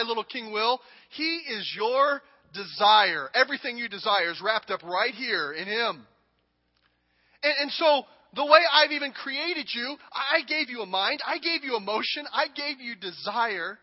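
A man preaching a sermon and acting out a king speaking, dramatic and emphatic, moving between hushed lines and shouting. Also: extremely high pitch, animated, takes it slowly. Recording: long hall reverb, dull audio.

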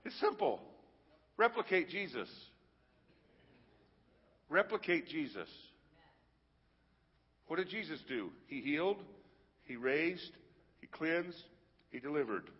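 A man preaching a sermon to a congregation, in a rhythmic, repetitive style that builds to loud peaks. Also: on the high side, very animated, takes it slowly, pauses often, slightly rough, in a large hall, lo-fi sound. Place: large hall with a congregation.

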